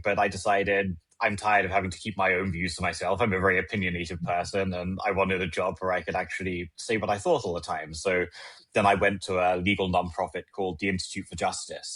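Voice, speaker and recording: A British man in his thirties talks through legal work in a calm, articulate way. His voice sits very low and carries a husky grain. He explains things step by step as a podcast guest. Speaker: legislative attorney, guest. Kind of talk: podcast interview.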